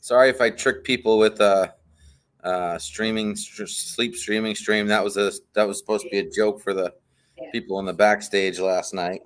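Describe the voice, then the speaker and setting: Laid-back man with a lowish voice. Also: steady tone, normal speed. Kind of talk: casual chat.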